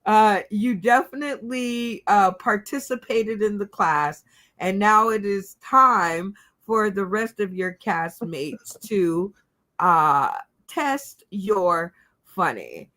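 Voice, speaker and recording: Slow, bright-voiced woman game show host. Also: mid-range voice. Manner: slow, giggly, filler-heavy. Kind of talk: hosting a comedy game show.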